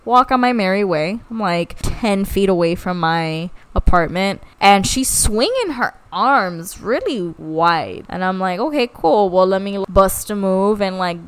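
This is a young woman co-hosting a casual podcast, swearing freely as she tells a story. She acts out everyone's lines. Her voice is smooth and clear. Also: mid-range voice. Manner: profane, animated, acts out quoted voices. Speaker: podcast co-host.

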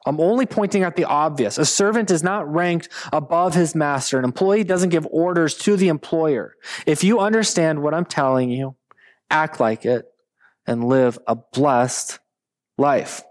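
A man in his thirties, a pastor preaching a sermon with animated, playful storytelling. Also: on the high side, unhurried.

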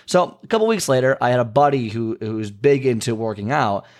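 A man's voice: animated, fairly quick, a little mellow. Man, fitness vlogger, chatty and rambling, restarts often, voices quotes. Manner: rambling, self-interrupting, frequent restarts and asides; acts out quoted dialogue with pitch jumps. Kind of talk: casual storytelling monologue.

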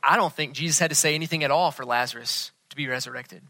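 A male pastor delivers a sermon in an earnest voice, sinking to a near hush to press home a point. His voice sits a touch high and sounds bright and sharp. The sound is dry and close. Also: fast, no room sound. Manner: earnest, dropping to a hush for emphasis.

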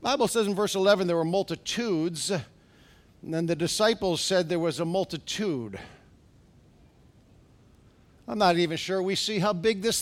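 A middle-aged man preaching a sermon as pastor in a church, asking the congregation questions and building to loud, urgent exhortations. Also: sits high, moderate pace, pauses often. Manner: preaching with rising, shouted exhortations and rhetorical questions. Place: church sanctuary.

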